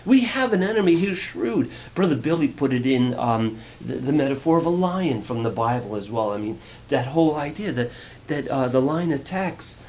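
A man's voice: mid-range voice, animated, moderate pace, darkish tone. A male pastor giving a conversational, playful sermon, asking the congregation questions.

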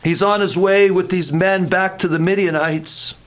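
A man's voice: high voice, steady tone, moderate pace. A man preaching a sermon, earnest and repetitive, with folksy humorous asides.

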